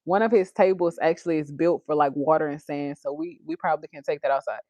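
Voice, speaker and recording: A woman's voice: deep voice, fairly even intonation, fast, darkish tone, dry recording. A woman, chatting casually on a livestream, laughing often and reading viewer comments aloud. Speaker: livestream host.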